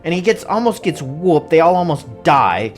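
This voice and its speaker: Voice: mid-range voice, very animated, moderate pace, soft background music. A movie reviewer giving a casual, rambling recap full of jokes and frequent laughter. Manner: rambling and joking, laughs often. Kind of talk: casual spoiler-filled recap.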